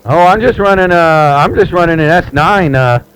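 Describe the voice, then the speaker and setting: Man, CB radio operator on the air, a bit higher-pitched, loose and filler-heavy, static hiss under him. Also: moderate pace. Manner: relaxed, repetitive, lots of fillers. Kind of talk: live radio chat. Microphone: radio transceiver mic.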